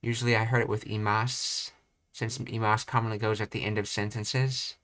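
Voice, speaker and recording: Smooth, flat-voiced man. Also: on the low side. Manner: thinking aloud, halting with restarts. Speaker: language teacher. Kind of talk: reading and commenting on study material.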